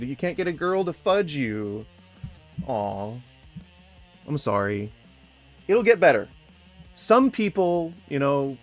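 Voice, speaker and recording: A man's voice: medium pitch, fairly bright tone. A man in his forties from Sacramento, California, delivering a heated, profane, sarcastic rant straight to camera in reply to a critic. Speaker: vlogger responding to a critic. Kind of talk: ranting direct-to-camera rebuttal.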